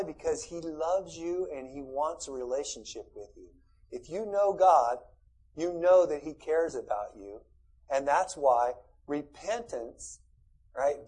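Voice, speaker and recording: A middle-aged man preaches in a relaxed, folksy way, full of asides and questions to his listeners. His voice sits high for a man and carries a husky, slightly breathy edge. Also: rough recording. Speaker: pastor. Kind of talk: sermon.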